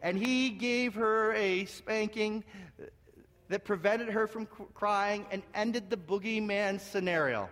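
A man from Canada preaching as senior pastor, telling stories in an animated way, repeating words and swinging between hushed and loud. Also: high-pitched, slow, in a large hall. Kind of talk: sermon with storytelling. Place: church sanctuary.

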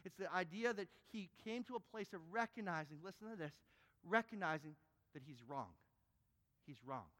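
A man preaching a sermon, swinging between quiet asides and loud, emphatic passages. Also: high voice, lively intonation, normal speed. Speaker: pastor. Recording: long hall reverb.

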